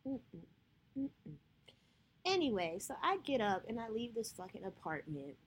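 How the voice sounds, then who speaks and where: A woman's voice: on the high side, big pitch swings, brisk, slight background noise. A woman podcast host telling a personal story in a candid, profane, emotional way.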